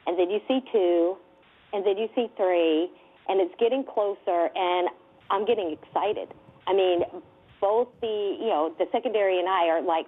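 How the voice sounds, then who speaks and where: A woman investigator telling a story with excitement, laughing often and using many fillers. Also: medium pitch, husky. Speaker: guest UFO investigator. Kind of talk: animated storytelling. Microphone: telephone. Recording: tinny phone line.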